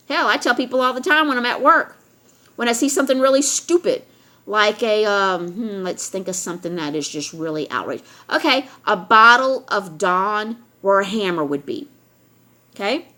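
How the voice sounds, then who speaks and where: A woman's voice: medium pitch, lively intonation, moderate pace, bright, forceful tone. A woman ranting straight to her viewers, emphatic and lecturing, driving points home by repeating them. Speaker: vlogger addressing viewers. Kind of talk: direct-to-camera rant.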